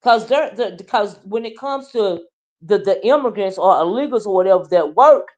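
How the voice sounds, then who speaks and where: A woman hosting a casual livestream, teasing loudly and swinging from low mutters to shouts. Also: lively intonation, normal speed, lo-fi sound. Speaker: livestream commentary host.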